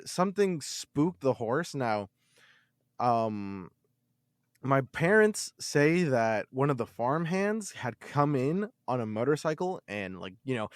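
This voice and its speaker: A man's voice: medium pitch, creaky, dry recording. Guy on a podcast telling a wild story, swears a ton, repeats himself, dry close sound. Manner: animated, swears a lot, repeats words. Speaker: podcast host. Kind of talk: casual storytelling.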